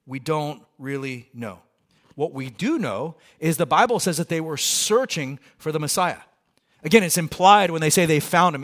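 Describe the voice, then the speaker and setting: A male pastor preaching a sermon in a casual, conversational way, acting out the people in the story. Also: a little high. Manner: conversational, acts out quoted lines with lively voices.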